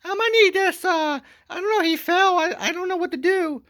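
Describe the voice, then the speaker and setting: Comedic skit: man playing a scheming woman zoo owner, squeaky falsetto, whiny. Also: brisk, a bit bright. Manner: shrill falsetto, whiny and plotting.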